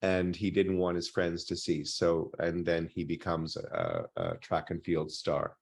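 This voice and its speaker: Deep-voiced male interviewer. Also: a little slow, vocal fry, a little mellow. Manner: attentive, prompting questions. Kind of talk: conversational interview.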